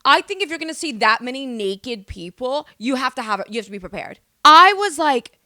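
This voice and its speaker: A young woman from the United States tells stories on her podcast, animated and quick to swear. Her voice is bright and a touch high. The sound is close and dry. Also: no room sound. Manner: animated, swearing, exaggerated storytelling. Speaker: podcast host. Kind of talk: casual storytelling monologue.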